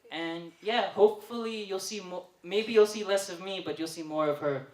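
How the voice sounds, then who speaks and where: A man's voice: high voice, normal speed, few pauses, reverberant. Young man telling a stand-up story. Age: young adult. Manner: animated, chatty, often laughing through lines. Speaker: stand-up comedian at an open mic. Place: open mic night venue.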